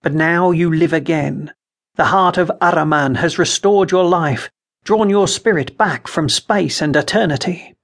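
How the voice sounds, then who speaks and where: A man's voice: fairly high pitch, unhurried, creaky. A man voicing a fervent conspirator sorcerer who speaks urgently and proclaims. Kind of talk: audiobook character reading.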